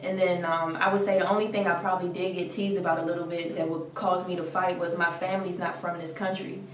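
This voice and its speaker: A woman's voice: on the low side, flat delivery, quick pace, distant mic. Blunt, laughing young woman. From Washington DC area. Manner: blunt, laughs often, says "like" a lot. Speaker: rapper guest. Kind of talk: casual interview. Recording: echoey room, speaker off mic, faint noise.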